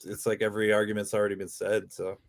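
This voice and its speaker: A forty-year-old man with a somewhat low voice talks on a podcast. He is relaxed and reflective, musing through his thoughts. He keeps checking in with the other person as he goes. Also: fast, gravelly. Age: 40s. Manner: relaxed and reflective, leans on "you know what I mean". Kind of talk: casual podcast conversation.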